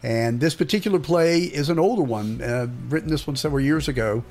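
A man's voice: on the high side, fairly quick. Hesitant male playwright guest. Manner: relaxed, hesitant with "um"s and small laughs. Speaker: playwright and theatre director, guest. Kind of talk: casual interview.

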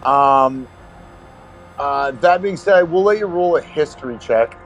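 A man narrating a tabletop game as game master, casual and halting with frequent restarts. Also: fairly high pitch, animated, faint music behind, rough recording.

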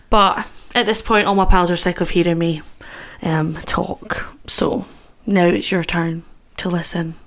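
A woman's voice: medium pitch, fairly bright tone. A chatty, giggly woman of twenty-five, hosting a solo podcast and nervously poking fun at herself. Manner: chatty, giggly, self-mocking. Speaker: podcast host.

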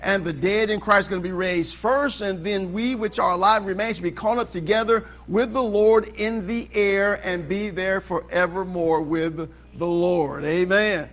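A man preaching a sermon as pastor in a church auditorium, asking the congregation questions and building to shouts. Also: high-pitched, fairly even intonation, normal speed, hardly any pauses. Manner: preaching with rising shouts and call-and-response questions. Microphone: live service recording.

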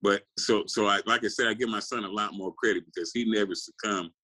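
A man's voice: lowish voice, steady tone, fairly quick, pushed and bright, husky, rough recording. A man in his sixties from California, a guest telling rambling, profane stories in casual interview chat.

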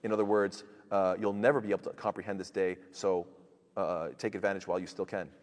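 A man with a Canadian accent teaching a Quran lesson, talking quickly and eagerly with many fillers and restarts. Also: sits low, little pitch movement, long reverb tail. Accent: Canadian English. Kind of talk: explaining verses in a lesson.

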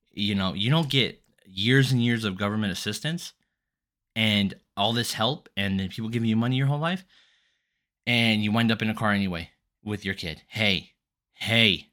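Young male host, low pitch with a forceful edge; swears freely, mutters then bursts out loud. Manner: profane, ranting, swings between mumbling and loud outbursts. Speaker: podcast host. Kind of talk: casual solo podcast rant.

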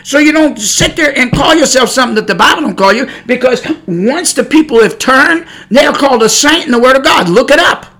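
Fiery older man preaching, bright high voice. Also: expressive, brisk, hardly any pauses. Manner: swings from shouting to quiet. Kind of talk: fiery podcast sermon.

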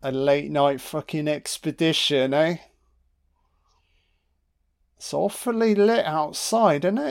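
A man talks through a film as he watches it, dropping sarcastic jokes and constant swearing. He speaks at an unhurried pace in a smooth, clear voice, with a middling pitch. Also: expressive. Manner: sweary, sarcastic, reacting live. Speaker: film commentator. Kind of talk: audio film commentary.

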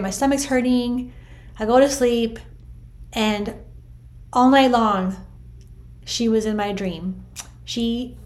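A middle-aged woman telling viewers a personal spiritual story in a chatty, animated way, full of "like" and "I'm like". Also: on the high side. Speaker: vlogger sharing a spiritual story.

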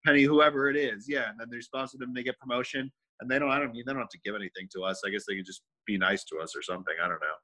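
A man's voice: mid-range voice, rapid-fire, few pauses, bright, forceful tone, poor audio. A man co-hosting a podcast, chatting casually in a rambling way and laughing often. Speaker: podcast co-host. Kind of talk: casual chat.

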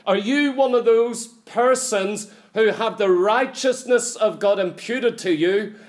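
Preacher, male, high-pitched, emphatic sermon delivery with rhetorical questions. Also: slow pace. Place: church.

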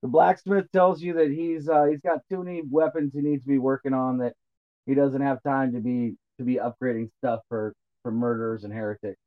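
A man's voice: mid-range voice, little pitch movement, a little fast, no echo. Man, game master, casual laid-back talk, tinny phone-like recording. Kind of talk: narrating a tabletop game. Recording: muffled phone-like line.

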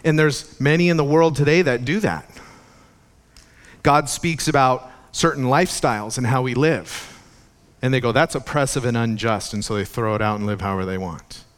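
A man's voice: mid-range voice, normal speed. A man preaching a sermon as a pastor, chatty in places and building to fervent emphasis. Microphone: podcast recording of a church sermon.

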